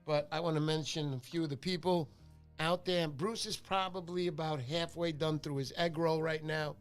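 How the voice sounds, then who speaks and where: A man's voice: a little high, steady tone, moderate pace, clear, resonant tone, soft background music. A middle-aged man hosting a casual fishing livestream, chatty and joking as he greets viewers by name. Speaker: fishing show host. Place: home livestream.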